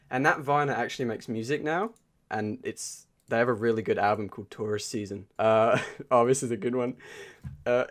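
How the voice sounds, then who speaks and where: A man co-hosting a podcast in relaxed conversation, his voice sitting in an ordinary middle pitch. He rattles off favorite lines and memes, jumping up in energy when he quotes them. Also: normal speed. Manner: quotes memes in lively bursts. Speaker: podcast co-host. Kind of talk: casual chat.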